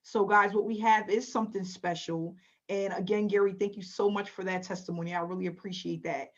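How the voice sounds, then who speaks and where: A woman's voice: medium pitch, steady tone, brisk, dull audio. A woman hosting an online webinar, upbeat and chatty, laughing often. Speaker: webinar host.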